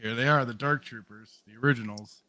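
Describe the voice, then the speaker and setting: A man's voice: mid-range voice, brisk, sharp tone. A man co-hosting a podcast, rambling through a casual review chat with lots of fillers, restarts and laughs. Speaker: podcast co-host.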